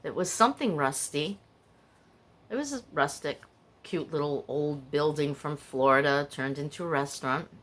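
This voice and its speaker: A woman's voice: low voice, moderate pace, a bit bright. An older woman hosting a casual podcast, rambling and candid as she tells stories and confides her feelings. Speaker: podcast host. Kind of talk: casual personal chat.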